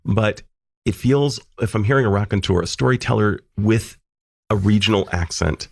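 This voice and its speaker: Middle-aged male podcast host, low voice, dry close sound, reflective and personal. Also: normal speed, vocal fry, a little mellow, slightly rough, no echo. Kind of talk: casual interview talk.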